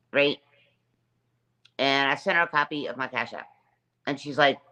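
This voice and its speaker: A woman's voice: deep voice, a little slow, long pauses, bright, forceful tone. Aggrieved woman ranting on a livestream. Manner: aggrieved, repetitive, reads chat names aloud. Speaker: livestream host. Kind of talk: casual livestream rant.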